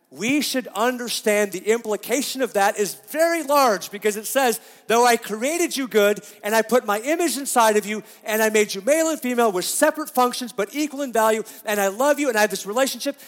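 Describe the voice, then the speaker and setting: A man's voice: very high-pitched, animated, moderate pace, in a large hall. A middle-aged man preaching a sermon as pastor, emphatic and often asking his congregation questions.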